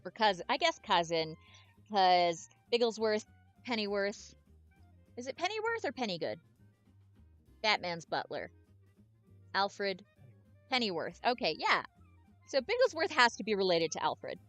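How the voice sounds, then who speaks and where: A woman chatting excitedly as she plays and reads through a story game, commenting aloud as she goes. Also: on the high side, no room sound. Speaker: gamer streamer.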